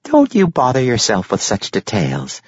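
A man's voice: on the low side, huge pitch swings, moderate pace, breathy edge, no room sound, voice pushed up, heavily acted. A man voicing a curt halfling barkeep woman. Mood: curt, dismissive. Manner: curt, dismissive and threatening. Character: brusque, dismissive female halfling barkeep. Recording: dry, slightly muffled lo-fi recording.

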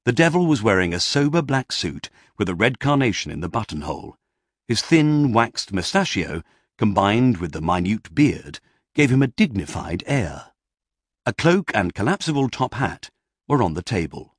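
A man's voice: fairly low pitch, sing-song, normal speed, no room sound. A man narrating a comic story in a dry, storytelling manner.

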